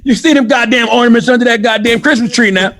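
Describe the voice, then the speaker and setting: A man putting on a rowdy, bragging country man with a loud Southern drawl, hollering and laughing. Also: very high-pitched, fairly even intonation, fast talker, very noisy, pitched above the performer's own voice.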